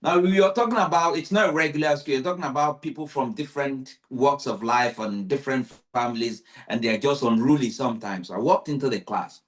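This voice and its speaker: A man hosting a podcast, telling stories in lively casual conversation and acting out the people he quotes. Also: medium pitch, fairly quick, few pauses. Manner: animated storyteller, acts out quotes.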